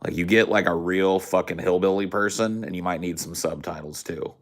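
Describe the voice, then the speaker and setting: Deep-voiced American man, casual and profane. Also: steady tone, fairly quick. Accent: mix of rural American and General Californian. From United States. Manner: profane, rambling, puts on mock accents. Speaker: podcast co-host. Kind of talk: casual chat.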